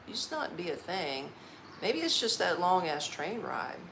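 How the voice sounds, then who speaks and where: Woman, from Florida, tired, talks slow with a lowish voice, faint room hum; live-stream host. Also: very animated. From Orlando, Florida, United States. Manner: chatty, loose, laughs often, folksy slang. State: tired, eating while talking. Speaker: vlogger hosting a live stream. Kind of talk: casual live-stream chat. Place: her apartment, indoors.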